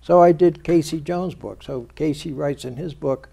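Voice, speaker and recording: A man's voice: a little high, moderate pace, gravelly, dark tone, husky. A male publisher in a TV studio interview who tells anecdotes and recounts conversations by quoting the people in them. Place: local TV studio.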